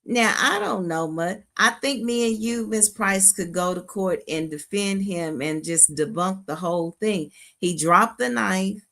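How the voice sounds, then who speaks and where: A woman co-hosting a live show, commenting with deliberate emphasis and casual slang. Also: medium pitch, bright, forceful tone. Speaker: co-host.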